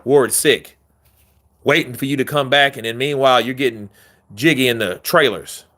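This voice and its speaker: A man's voice: mid-range voice, moderate pace, a bit bright. A man hosting a casual boxing chat, talking loosely and profanely in a rambling street style and answering viewer questions. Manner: answers viewer questions, acts out quotes with voice shifts. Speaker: boxing commentary host.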